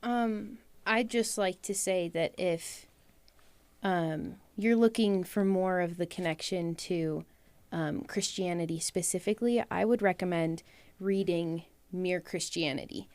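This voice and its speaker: Female guest, lowish voice, measured and halting, dry close sound. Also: steady tone, darkish tone, no room sound. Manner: measured, with frequent "um" pauses. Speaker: book club guest. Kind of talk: reflective discussion.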